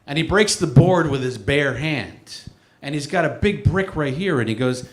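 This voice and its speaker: A man in his forties performing a stand-up comedy set in a live venue, telling stories with lively acted-out quotes. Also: medium pitch, moderate pace, reverberant, slight background noise. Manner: animated storytelling with acted-out quotes. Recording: live room with loud audience laughter. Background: audience laughing.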